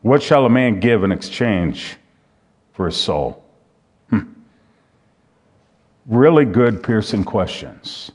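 A man's voice: on the low side, very animated, slow, long pauses, darkish tone, breathy edge. A man preaching a sermon who reads scripture aloud and then repeats its questions back to the listeners.

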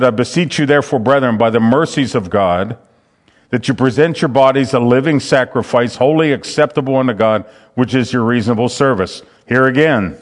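A man preaching a sermon, reading scripture aloud and explaining it verse by verse with earnest, repeated emphasis. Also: mid-range voice. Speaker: pastor.

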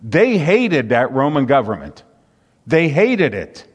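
A man's voice: medium pitch, very animated, slow pace, breathy edge. Guy preaching a sermon in a big echoey church hall, reads the verses then gets all fired up. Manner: reads scripture aloud, rises to fervent emphasis. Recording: long hall reverb.

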